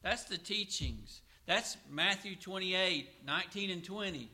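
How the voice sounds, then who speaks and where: Man preaching, very bright tone, slightly high voice, asks and answers his own questions, slows to read scripture. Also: animated. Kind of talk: sermon.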